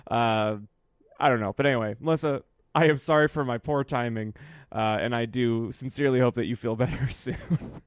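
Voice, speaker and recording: Mid-pitched man, profane podcast banter. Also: fairly even intonation, normal speed, smooth, dry recording, studio quality. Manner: profane, joking, earnest apologies. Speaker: podcast co-host. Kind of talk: casual chat.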